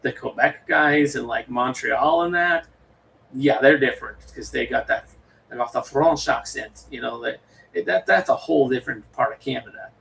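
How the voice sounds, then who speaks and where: A man's voice: medium pitch, moderate pace, vocal fry, a bit bright, recorded from a distance, slight background noise, rough recording. A man from the western United States with a general American accent, chatting casually on a livestream with lots of fillers and restarts. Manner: rambling, many fillers and restarts. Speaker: livestream host.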